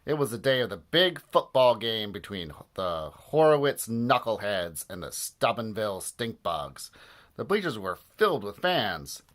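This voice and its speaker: A man reading a children's book aloud in a playful, animated way and doing voices for the characters. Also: lowish voice, unhurried. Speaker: storybook reader.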